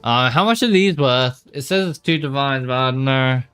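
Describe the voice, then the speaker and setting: A drowsy male streamer rambles casually over his gameplay, with plenty of fillers and the odd curse. His voice is bright and clean into a desk mic. Faint game music runs underneath. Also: medium pitch, normal speed, clear, resonant tone. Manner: rambling, sleepy and swearing, with many fillers. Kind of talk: casual live-stream commentary.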